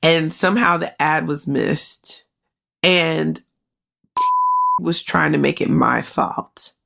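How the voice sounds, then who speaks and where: A woman's voice: sits low, slow pace, vocal fry, fairly bright tone, slight background noise. A woman podcast host telling a personal story in a candid, emotional way and speaking straight to her listeners. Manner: conversational, with many "like" fillers.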